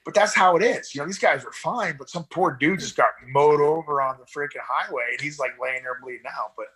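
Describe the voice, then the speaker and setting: This middle-aged man's voice is a little high and a little fast. A veteran rescue swimmer and paramedic, he rambles animatedly through anecdotes in a casual interview, acting out other people's voices.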